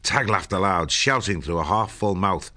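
This scripted audiobook reading comes from a man whose voice sits very low, delivering a storybook calmly and evenly. The recording is close-miked and dry, with no trace of room sound.

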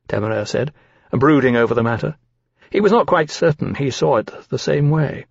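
A man giving a steady, formal scripted narration of a novel. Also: mid-range voice, a little fast, gravelly, dry recording. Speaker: audiobook narrator. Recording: slightly dull, dry recording.

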